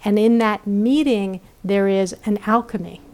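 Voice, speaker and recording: A woman meditation teacher giving a gentle dharma talk, often checking in with listeners and trailing off softly. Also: medium pitch, measured pace. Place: retreat center.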